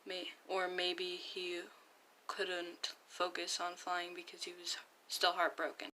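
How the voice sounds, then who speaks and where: A woman's voice: lowish voice, completely flat delivery, a little slow, pushed and bright, a little hiss or hum, rough recording. A young woman chatting earnestly as she reads and comments on fan comics. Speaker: fan comic dub reader.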